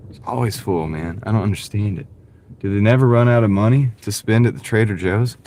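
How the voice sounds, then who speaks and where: A man's voice: lowish voice, a little fast, darkish tone. A man with a light Southern US accent chatting casually on a livestream from his car, rambling and answering viewer comments. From American South. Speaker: delivery driver livestreamer. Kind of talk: casual livestream chat while driving. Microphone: wireless clip-on mic.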